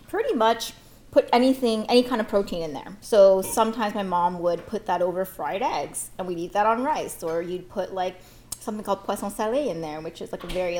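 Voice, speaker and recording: A woman's voice: medium pitch, darkish tone. A woman chatting casually and explaining food at length, easygoing with many fillers. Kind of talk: casual chat.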